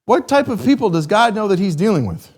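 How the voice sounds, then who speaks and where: A man teaching a Sunday school class, reading scripture and questioning his students in a lively, chuckling way. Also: high-pitched, a little fast, slightly rough. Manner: animated, asks the class questions, chuckles often.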